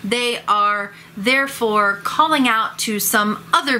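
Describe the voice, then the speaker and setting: Bright, animated woman vlogging. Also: on the high side, takes it slowly, slight background noise. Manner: animated, expressive. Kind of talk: casual talking-head vlog.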